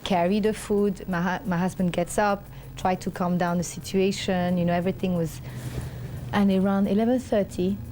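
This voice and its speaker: Mellow-voiced woman telling her story. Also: mid-range voice, normal speed, a little hiss or hum. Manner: animated, acts out the voices of others; rambling with many fillers and restarts. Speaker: interview guest. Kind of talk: personal storytelling.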